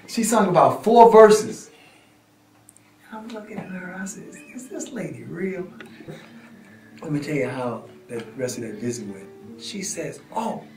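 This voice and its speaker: Animated man in a roomy echo. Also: fairly high pitch. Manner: acts out scenes and voices, drops to hushed tones. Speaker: prisoner telling his story. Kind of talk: animated storytelling. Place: prison visitation room, indoors. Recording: roomy echo, faint guitar music.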